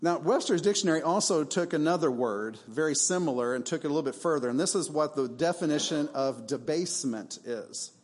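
A man preaches to his congregation in a church, using an emphatic, conversational style. His voice sits a little on the high side, and he leans on rhetorical questions and asides. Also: expressive, fairly quick, few pauses. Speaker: pastor. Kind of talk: sermon.

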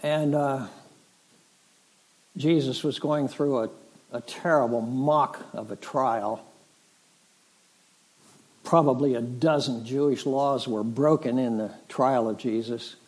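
Slow, dramatic preaching man. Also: mid-range voice, steady tone, darkish tone. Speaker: pastor. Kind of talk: sermon.

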